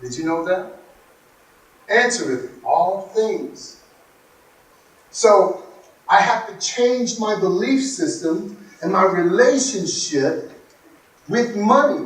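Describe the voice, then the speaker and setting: A man's voice: sits high, fairly bright tone. A man giving a motivational workshop talk, telling stories and asking the audience questions. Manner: storytelling, asks the audience questions. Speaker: workshop speaker. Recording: echoey room, distant mic.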